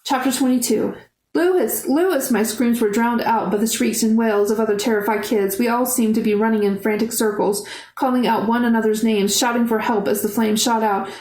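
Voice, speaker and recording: A woman reading a novel aloud in steady first-person narration. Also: fairly high pitch, fairly quick. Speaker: audiobook reader. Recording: roomy echo.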